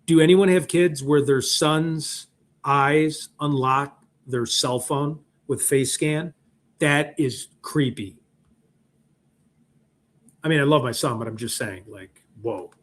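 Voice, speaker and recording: A middle-aged man with a Chicago accent hosts a casual livestream chat, rambling along with animated energy and joking asides. His voice is on the high side, and he takes his time speaking.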